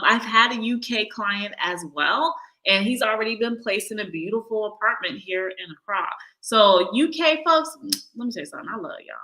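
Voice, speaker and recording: A woman's voice: mid-range voice, bright, forceful tone, low-quality recording. A woman hosting a casual live stream, reading viewer chat aloud and answering in a brash, profane, playful way, laughing often. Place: living abroad, streaming live from home.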